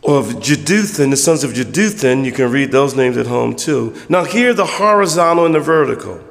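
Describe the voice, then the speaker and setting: Gravelly preacher in an echoing hall. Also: male voice, mid-range voice, expressive. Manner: conversational preaching, acting out church members in quick voices. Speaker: pastor. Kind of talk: sermon.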